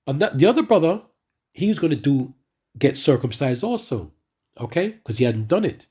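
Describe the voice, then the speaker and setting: A man giving a spoken religious testimony to his congregation, telling his story in an animated way with many asides and restarts. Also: a little high, normal speed, husky. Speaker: church member giving testimony.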